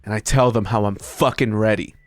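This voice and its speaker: A male streamer reading an internet story aloud to his chat, breaking off into high, disbelieving comments. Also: a little fast, no room sound, soft background music. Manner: animated, breaks into high-pitched disbelieving asides.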